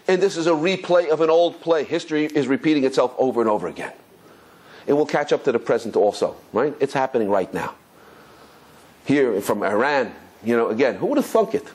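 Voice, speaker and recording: A rabbi giving an animated Torah class, telling stories excitedly with stumbling repetitions and chuckles. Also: male voice, on the high side, husky. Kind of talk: animated Torah lesson with storytelling.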